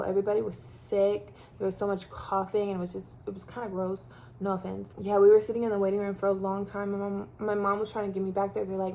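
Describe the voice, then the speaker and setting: A woman's voice: mid-range voice, flat delivery, quick pace, warm tone, slight background noise. A woman from Texas telling her own story casually to camera, chatty, with many fillers like "like" and "um". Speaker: vlogger sharing her story.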